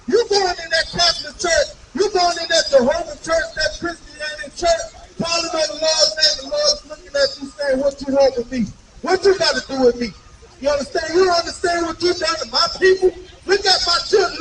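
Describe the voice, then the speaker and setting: A man preaching in the street, shouting fiercely and calling for verse readings. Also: extremely high pitch, expressive, a little fast, recorded from a distance, heavy background noise. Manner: fiery, calls for verse readings, asks "you understand?". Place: downtown street outdoors. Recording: loud crowd on an outdoor street.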